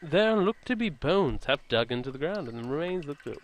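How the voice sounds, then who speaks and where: A man's voice: fairly high pitch, sing-song, moderate pace. A man voicing an uneasy amnesiac man in a horror game, reading the text aloud as grave first-person narration in a put-on British accent, recorded with background noise. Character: uneasy amnesiac grown man exploring dark tunnels.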